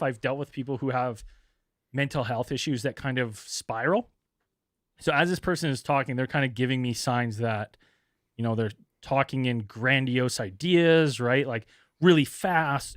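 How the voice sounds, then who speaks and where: A man co-hosting a podcast, telling a story casually, swearing a lot and acting out the people he talks about in high voices. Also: a bit bright, dry recording, studio quality. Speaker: podcast co-host.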